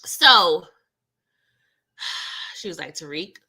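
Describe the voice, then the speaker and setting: Woman, casual TV recap host, playful, acts out characters, lively pitch, bright voice. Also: moderate pace. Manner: animated, playful, laughs often, acts out characters.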